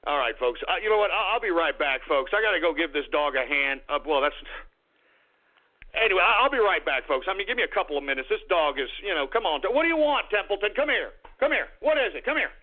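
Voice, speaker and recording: Male radio host, high voice, exasperated rambling rant, thin phone-line sound. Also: sing-song, fast talker. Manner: exasperated, rambling, repeats himself, addresses listeners as folks. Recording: tinny phone-like radio audio.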